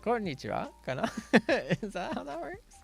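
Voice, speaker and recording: A man's voice: high voice, huge pitch swings, moderate pace, gravelly, breathy edge, soft background music. A man hosting a casual chat stream, reading viewer messages in a playful, giggly way and mixing English and Japanese with cat-like "nyan" sign-offs. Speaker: streamer host.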